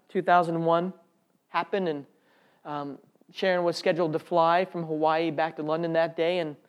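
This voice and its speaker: A man telling an audience his personal faith testimony in an earnest, heartfelt way. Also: high-pitched. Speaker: speaker sharing a testimony.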